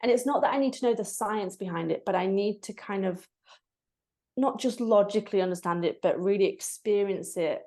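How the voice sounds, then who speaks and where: A woman's voice: medium pitch, a little fast. A woman, a breathwork facilitator, candidly telling her personal story in a podcast interview and bringing quoted moments to life. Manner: candid, reflective, with animated quoted asides.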